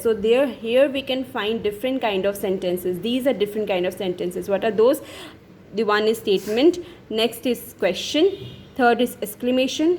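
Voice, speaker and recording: A woman's voice: fairly high pitch, darkish tone, a little hiss or hum, poor audio. A woman teaching grammar, explaining each example and often repeating and restarting phrases. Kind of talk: explaining grammar over slides.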